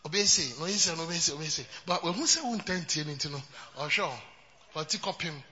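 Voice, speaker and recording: A man preaching a sermon as a pastor, mixing English and Twi and swinging from soft asides to shouts. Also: a little high, fast. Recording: dull sound in a reverberant hall.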